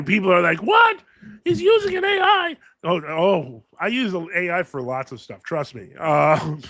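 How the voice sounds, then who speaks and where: A man hosts a live question-and-answer stream, chatting casually and wandering through his thoughts with plenty of ums and restarts. His voice sits a little high and has a bright, forceful edge. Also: no echo. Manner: rambling, with many fillers and self-corrections.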